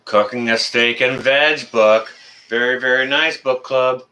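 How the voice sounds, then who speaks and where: A man's voice: mid-range voice, fairly even intonation, a little slow, pushed and bright. A man from Canada hosting a casual live stream, greeting viewers by name in a friendly, rambling way with many fillers.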